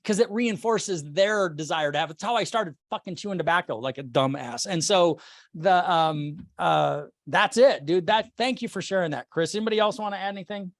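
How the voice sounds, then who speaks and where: Guy running a sales meeting on a video call, kinda high voice, dry, swears a lot. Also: moderate pace, dry recording. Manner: blunt, swears casually. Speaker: sales team leader. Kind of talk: casual team meeting talk.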